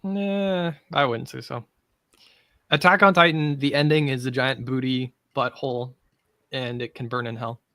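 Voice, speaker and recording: A man guest hosting a casual group chat, opinionated and animated, talking in quick asides. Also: medium pitch, no echo, studio quality. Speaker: guest host.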